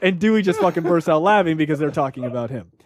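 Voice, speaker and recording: High-voiced man telling a story. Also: quick pace, no room sound. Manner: profane, animated storytelling with many fillers. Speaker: podcast host. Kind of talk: casual chat.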